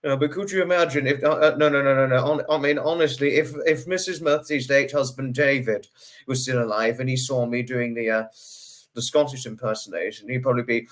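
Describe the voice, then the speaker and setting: A man hosting a livestream in an effusive, gushing manner, greeting viewers again and again. His pitch leaps up and then drops right down from phrase to phrase. He sits at the middle of a man's range. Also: steady tone, fairly quick. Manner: pitch swings up and down sharply. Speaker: livestream host.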